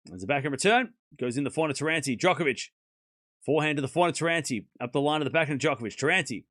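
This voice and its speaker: Guy doing live tennis commentary on stream, high bright voice, dry close mic, gets loud on big shots. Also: very fast, no echo. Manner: excitable, animated, calls each shot. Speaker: watchalong commentator.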